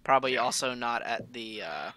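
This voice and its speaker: A man's voice: mid-range voice, lively intonation, normal speed, bright, forceful tone, poor audio. A man playing a tabletop game, chatting eagerly and casually about his character. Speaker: player.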